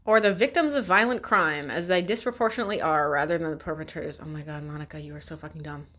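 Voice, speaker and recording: A woman's voice: sits low, fast talker, a bit bright. A woman reacting to an article, sarcastic and exasperated, swearing often. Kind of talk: ranting commentary.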